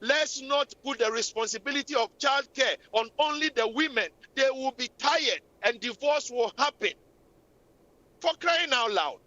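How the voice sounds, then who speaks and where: Her voice sits high and sounds pushed and bright, delivered at a normal speed. She's a radio talk show host repeatedly and passionately scolding callers with relationship advice, captured in a lo-fi radio recording.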